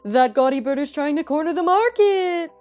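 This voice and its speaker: A woman voicing an excitable, loud male pigeon in a shrill, shouty manner while reading a visual novel aloud. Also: moderate pace, faint music behind. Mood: outraged.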